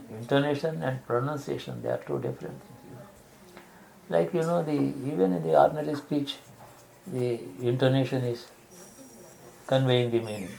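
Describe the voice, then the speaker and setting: A man giving a spiritual discourse, explaining slowly and restarting phrases to rephrase his examples. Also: medium pitch, creaky, darkish tone, a little hiss or hum, rough recording. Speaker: spiritual teacher.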